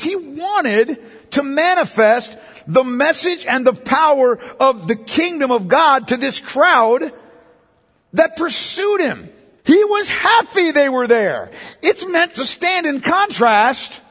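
Male pastor, high husky voice, emphatic conversational sermon, long hall echo. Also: fairly bright tone. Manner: emphatic, conversational preaching with rhetorical questions.

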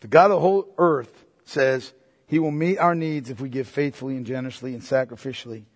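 Emphatic husky pastor in a reverberant hall. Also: male voice, mid-range voice, fairly even intonation, fairly quick. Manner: emphatic, repeats phrases, swings from loud to hushed. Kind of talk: sermon.

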